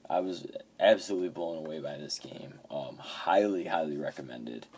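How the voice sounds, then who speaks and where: A man's voice: rumbling low, expressive, moderate pace, a little mellow, husky. A man in his fifties casually talking about his video game pickups, swearing often and telling rambling stories. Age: 50s. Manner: profane, rambling storyteller. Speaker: game collector.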